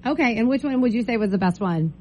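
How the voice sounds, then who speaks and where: A woman's voice: a little high, lively intonation, fast talker, lo-fi sound, a little hiss or hum. A young woman hosting a morning radio show, chatty and teasing as she talks with callers in a studio. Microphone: studio mic.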